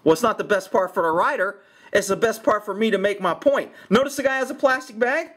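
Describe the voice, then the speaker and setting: A man's voice: high-pitched, fairly quick, fairly bright tone. A middle-aged man, a horse trainer, giving blunt, sarcastic commentary on a training video. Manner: blunt, sarcastic, repeats himself.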